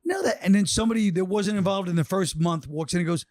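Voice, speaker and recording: Fast-talking man telling rambling stories. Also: high voice, darkish tone, no echo, studio quality. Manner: rambling storyteller, acts out quotes. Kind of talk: casual chat.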